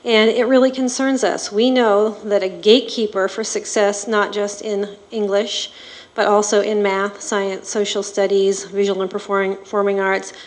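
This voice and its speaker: A woman, a district administrator, giving a measured, explanatory slide presentation to a school board. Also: mid-range voice, flat delivery.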